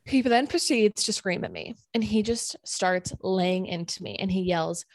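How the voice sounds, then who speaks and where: A young woman co-hosting a podcast tells a story casually and animatedly, packing it with fillers and acted-out quotes. Her mid-range voice moves at an unhurried pace, with no room sound.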